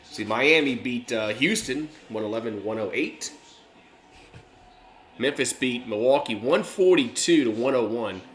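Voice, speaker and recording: A man's voice: medium pitch, animated, a little slow, reverberant. A man hosting a live stream, giving casual, rambling play-by-play commentary with lots of fillers and restarts.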